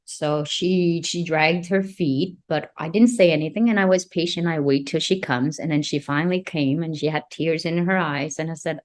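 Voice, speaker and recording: Earnest woman host, low voice. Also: fairly even intonation, moderate pace, few pauses. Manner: earnest, reflective, often restarts and searches for words. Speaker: podcast host and mother. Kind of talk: personal storytelling in conversation.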